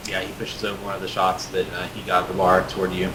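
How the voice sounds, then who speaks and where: A low-pitched man runs a tabletop game, narrating loosely with plenty of filler words and restarts. A steady noise and low rumble run under the recording. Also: fast talker. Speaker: game master.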